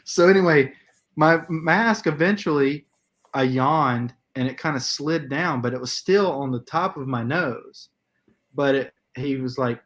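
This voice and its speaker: A man co-hosting a casual movie podcast, telling an animated story, acting out other people's lines and laughing often as he goes. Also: a little high, measured pace. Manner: laughs often mid-sentence. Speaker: podcast co-host. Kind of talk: casual chat.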